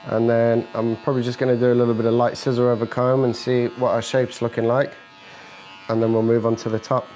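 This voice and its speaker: A man's voice: mid-range voice, level tone, fairly quick, a little mellow, a little hiss or hum, rough recording. A man, a barber, explaining each step of a fade haircut while he cuts and jokes with his client in a barbershop. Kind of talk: hair-cutting tutorial narration with client chat. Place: barbershop, indoors. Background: faint buzz of electric clippers.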